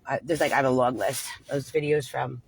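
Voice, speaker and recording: Husky woman ranting on a livestream. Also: extremely low pitch, fairly even intonation, brisk, dry recording. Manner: rambling, agitated, swears often. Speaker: livestream host. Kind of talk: unscripted livestream monologue.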